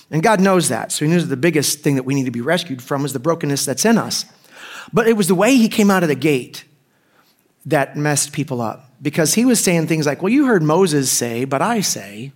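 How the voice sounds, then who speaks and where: Joking, chatty male preacher. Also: a little high. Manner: conversational and joking, acting out quoted voices. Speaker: pastor. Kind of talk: casual sermon.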